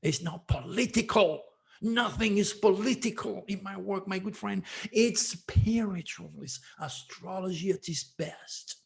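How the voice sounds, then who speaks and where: A male astrologer delivers a scolding monologue on his own channel, circling back to the same points again and again. His voice is gravelly and sits a little high. He speaks slowly and heavily, leaning hard on each word. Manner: ranting, repetitive, scolding. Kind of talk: emphatic monologue.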